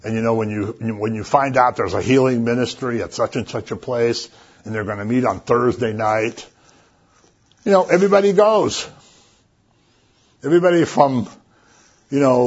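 A man preaches in an easygoing, chatty way, spinning stories and asides as he goes. His voice is husky at a middling pitch. The recording sounds dull and lo-fi. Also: normal speed. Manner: conversational, animated storytelling with asides. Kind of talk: casual sermon.

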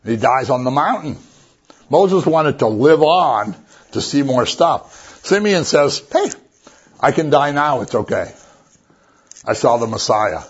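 A man's voice: medium pitch, expressive, measured pace, long pauses, husky. A man preaching a sermon as a pastor, conversational and joking as he retells the story. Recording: dull lo-fi recording.

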